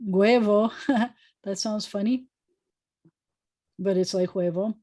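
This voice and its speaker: A woman rabbi teaching an informal class over a video call, chatting and thinking aloud as she goes. Her voice is mellow and relaxed, of middle pitch. The sound is dry and close. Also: slow pace, no echo. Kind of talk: informal online lesson.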